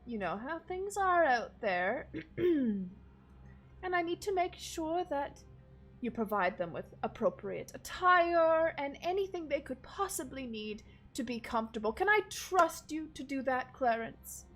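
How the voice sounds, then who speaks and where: A woman voicing a suave, effusive nobleman who flatters his guests in a high, theatrical voice, during a tabletop game. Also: unhurried, soft background music, heavily acted. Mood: commanding.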